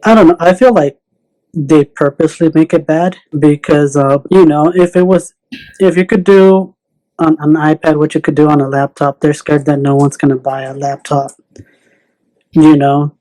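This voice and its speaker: A man talks as a podcast guest in a mellow, relaxed voice. He sounds hesitant and fills his sentences with "you know". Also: on the high side, normal speed, low-quality recording. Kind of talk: casual podcast chat.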